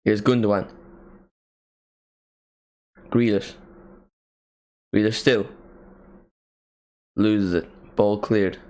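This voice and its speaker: A man hosting a live match watchalong, giving casual play-by-play commentary with jokey asides and excited calls. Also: fairly low pitch, extremely slow, pauses often.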